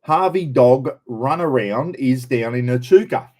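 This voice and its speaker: A man's voice: mid-range voice, expressive, a little slow, darkish tone. An Australian man hosting a casual live stream, greeting viewers by name in a chatty, laid-back way. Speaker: livestream host. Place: in a caravan on the road.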